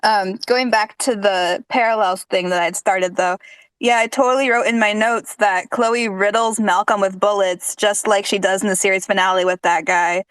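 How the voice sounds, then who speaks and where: A woman's voice: medium pitch, fairly even intonation, normal speed, a bit bright, smooth, no echo, poor audio. A woman on a fan discussion panel, chatting in an upbeat, agreeable way. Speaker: podcast panelist.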